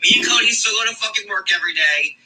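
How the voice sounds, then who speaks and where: A man rants on a live stream, swearing nonstop and hammering his points home by repeating them. His voice sits high and sounds piercingly bright and sharp. The clip is played back and heard from a distance. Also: quick pace. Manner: swears constantly, mocking, repeats himself for emphasis. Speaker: reality show commentator. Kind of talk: profane angry rant on a live stream.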